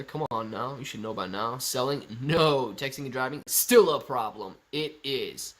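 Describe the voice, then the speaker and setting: A man's voice: medium pitch, expressive, normal speed, hardly any pauses, fairly bright tone. A man hosting a casual live stream, chatting and joking as he reads viewer comments aloud.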